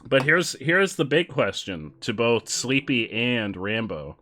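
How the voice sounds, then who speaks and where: A man's voice: medium pitch, expressive, takes it slowly, sharp tone, a little hiss or hum. A male streamer chatting casually with his viewers while playing, joking and laughing often. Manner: joking, laughs often, reads chat aloud. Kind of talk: casual live-stream chat while gaming.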